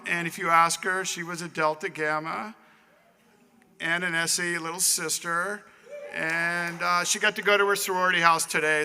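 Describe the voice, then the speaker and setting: Sharp-voiced man in his fifties, hall speech. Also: sits high, smooth. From Southern California. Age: 50s. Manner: chatty storytelling, calling out to the audience. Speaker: Hall of Fame inductee. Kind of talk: acceptance speech. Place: banquet hall dinner. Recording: long reverb of a banquet hall.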